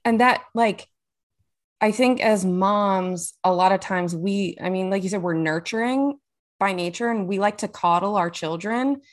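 A woman joining a casual faith-based chat, speaking in a thoughtful, measured way. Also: medium pitch.

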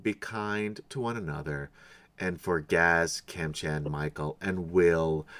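A man's voice: low-pitched, takes it slowly, fairly bright tone, smooth. A man hosting a tabletop game stream, teasing his players and laughing as he signs off. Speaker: game master and stream host. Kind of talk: casual stream sign-off chat.

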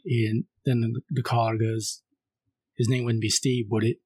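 A man co-hosting a film podcast, casually recapping a horror movie scene by scene and reading the caller's lines flatly. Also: medium pitch, a little slow, slightly rough. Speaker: podcast co-host.

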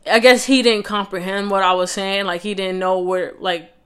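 A woman's voice: medium pitch, steady tone, moderate pace, smooth. A young woman vlogger telling a personal story in a casual, conversational way, with lots of fillers and restarts.

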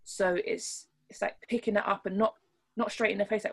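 A woman speaks as a guest in an interview, earnest and reflective. She restarts her phrases as she thinks aloud. Her voice sits at an ordinary middle pitch. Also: steady tone, brisk, husky. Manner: earnest, thoughtful, frequent restarts. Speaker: rugby player guest. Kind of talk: interview conversation.

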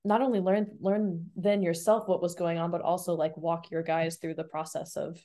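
A woman's voice: lowish voice, level tone, normal speed, warm tone. A young adult woman hosting an interview podcast, chatting enthusiastically with many fillers. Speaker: podcast host, police officer. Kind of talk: casual interview chat.

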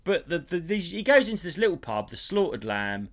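Male co-host, slightly high voice with big pitch swings, sweary rambling storyteller. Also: a little fast. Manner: animated, sweary storytelling with restarts. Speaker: podcast co-host. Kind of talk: casual comedic chat.

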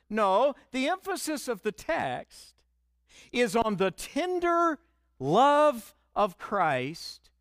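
A man preaching a sermon as pastor, slowing down and lifting his voice to stress key words. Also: high voice, dry recording. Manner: expressive preaching, slowing and rising for emphasis.

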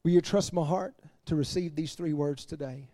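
Animated, high-voiced preaching pastor. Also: male voice, moderate pace, no room sound, clean studio sound. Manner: animated, laughs between points, drops to quiet emphasis. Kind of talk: sermon.

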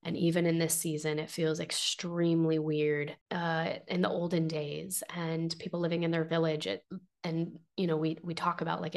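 A woman's voice: low-pitched, vocal fry. A young adult woman hosting a podcast, talking in an earnest, heartfelt personal monologue, emotional and close to tears, with many fillers and restarts. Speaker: podcast host.

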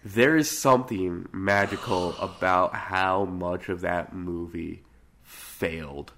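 Casting: low-pitched man with a bright, forceful tone, sardonic podcast guest. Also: takes it slowly. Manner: sardonic, swears freely. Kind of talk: casual podcast chat.

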